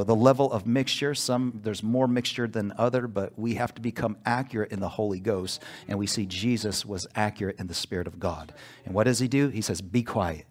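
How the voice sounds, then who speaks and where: A male pastor preaching a sermon in church, emphatic, pausing for call-and-response asides. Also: on the low side.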